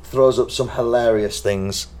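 A man's voice: mid-range voice, fairly even intonation, measured pace, darkish tone. A young English man co-hosting a podcast, chatting casually and teasing his partner as he explains British words. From England. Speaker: podcast co-host. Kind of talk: casual chat. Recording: faint background noise.

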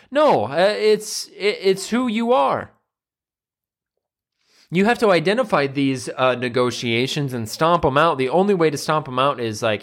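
A nutrition coach and personal trainer talks straight to the camera in a casual motivational monologue. His voice sits a little higher than most men's. He slips in playful quoted voices as he goes. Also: expressive, measured pace.

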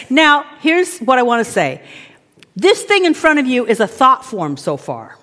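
A woman preaching a lively sermon, acting out inner voices and now and then shouting commands. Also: fairly high pitch, takes it slowly, pauses often. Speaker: pastor. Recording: reverberant hall.

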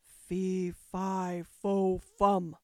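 A greedy, gruff giant ogre from a fairy tale booms out slow and loud, as a woman reads him. The sound is dry and close. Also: flat delivery, dry recording. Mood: menacing.

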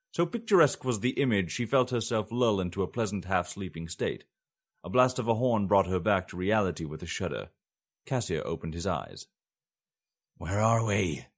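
A man reading a fantasy story aloud in measured audiobook narration. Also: on the low side.

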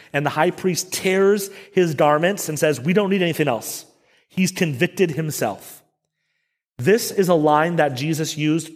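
A middle-aged man preaching a Sunday sermon as pastor, conversational, with self-deprecating asides. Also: fairly high pitch. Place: church sanctuary. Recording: long church reverb.

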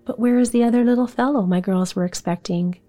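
A woman's voice: a little high, fast, warm tone, faint music behind, voice pushed up, close to an everyday voice. A woman doing Doctor Forbes, a hearty doctor. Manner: hearty and probing. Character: hearty, wise old family doctor.

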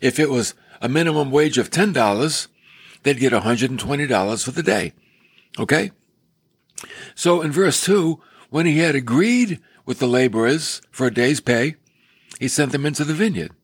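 Lively husky-voiced male preacher. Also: mid-range voice, moderate pace, no echo. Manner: animated, asks the listener questions. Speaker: pastor. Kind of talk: sermon teaching.

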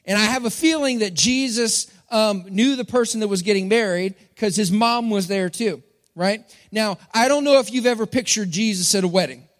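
A man's voice: sits high, normal speed. A middle-aged man from Texas, preaching a sermon to a congregation in a playful, joking manner. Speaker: pastor. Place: church hall. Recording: long hall reverb.

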